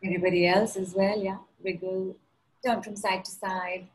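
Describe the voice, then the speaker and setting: Woman, healing coach, group call host, guided clearing session, rhythmic repeated commands, mid-range pitch. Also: little pitch movement, normal speed, a little hiss or hum, low-quality recording. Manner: rhythmic, repetitive chanted commands. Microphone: online group call.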